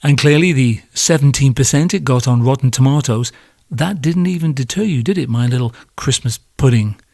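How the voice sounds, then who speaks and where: A man's voice: mid-range voice, moderate pace, creaky, a little mellow, no room sound, studio quality. A man hosting a podcast, delivering a sarcastic comedic monologue that builds into sweary rants. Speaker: podcast host.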